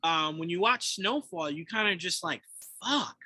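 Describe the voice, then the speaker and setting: A man co-hosting a podcast in casual chat, animated and laughing often, acting out quotes as he talks. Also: a little high, moderate pace, no echo, poor audio. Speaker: podcast co-host.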